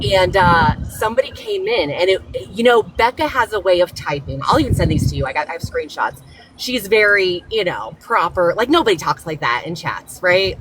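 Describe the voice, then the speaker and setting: A woman guest on a live stream, telling a long story in a rambling way with many fillers. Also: on the low side. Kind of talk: casual live-stream chat. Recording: noisy background hiss.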